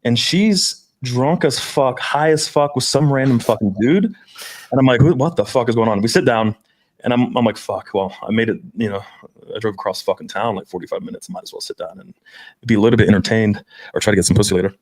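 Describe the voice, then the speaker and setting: A man with a mid-range voice speaks a little fast as a co-host on a men's dating podcast. He tells casual stories full of swearing and acts out the people he quotes.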